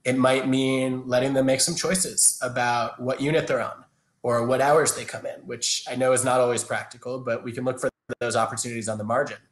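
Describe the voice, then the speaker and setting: A man's voice: mid-range voice, flat delivery, a little fast. Man explaining in an echoey room. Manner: thoughtful, explanatory, with frequent restarts. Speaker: guest, organizational psychologist. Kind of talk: conversational interview answers.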